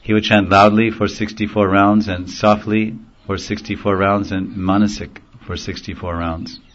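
A man teaching a devotional sermon in a gentle storytelling manner, chuckling now and then at his own jokes. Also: fairly low pitch, little pitch movement, moderate pace, a little hiss or hum. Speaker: spiritual teacher. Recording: dull lo-fi recording.

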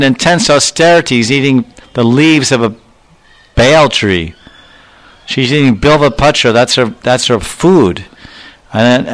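A spiritual teacher with a medium-pitched, fairly bright voice gives a devotional lecture. He retells dialogues from scripture and quotes verses as part of his storytelling, acting out the exchanges and using quoted Sanskrit-Bengali terms.

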